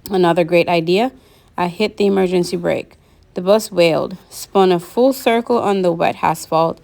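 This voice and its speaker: Woman reading a kids adventure book out loud, kinda low voice, lively. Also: vocal fry. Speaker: narrator. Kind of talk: reading a novel aloud.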